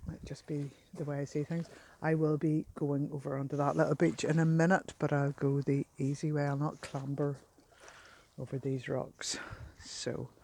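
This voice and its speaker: A woman narrating as she beachcombs outdoors, soft-spoken and given to delighted exclamations, sometimes dropping to a near whisper. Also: low-pitched, flat delivery, normal speed, vocal fry, slight background noise. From Northern Ireland. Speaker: beachcombing vlogger. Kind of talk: casual narration while walking.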